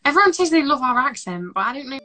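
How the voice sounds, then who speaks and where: Bright-voiced teenage girl hosting a live stream. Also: high voice, quick pace. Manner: relaxed, chatty, reads out comments. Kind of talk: casual live-stream chat.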